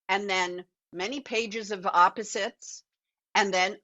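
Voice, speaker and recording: An older woman speaks as an interview guest over a video call, the audio slightly dull and muffled. She talks in an earnest, reflective way, turning animated and laughing as she tells stories. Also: medium pitch, normal speed. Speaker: interview guest, actor and author. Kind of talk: reflective conversational storytelling.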